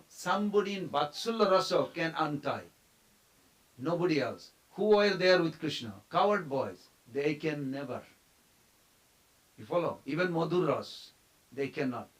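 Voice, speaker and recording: A man giving a devotional storytelling class at a temple, animated, quizzing his listeners and briefly acting out the figures in the story. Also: on the high side, low-quality recording. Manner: animated, quizzes the audience, acts out quoted figures.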